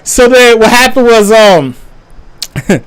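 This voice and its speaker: A man's voice: very high-pitched, animated, slow, fairly bright tone, smooth. A young adult man telling a story on a live stream, swearing freely, stammering through restarts and laughing as he talks.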